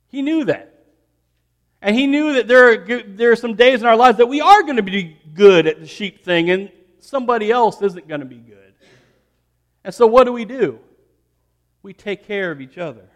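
A man preaching a sermon to graduates, telling a story with emphatic, rising peaks and soft, quiet asides. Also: sits high. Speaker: pastor.

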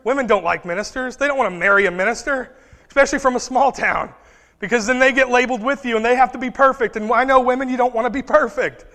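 A young man preaching a sermon and telling a personal story, swinging between hushed and loud delivery. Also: very high voice, fast talker, long reverb tail.

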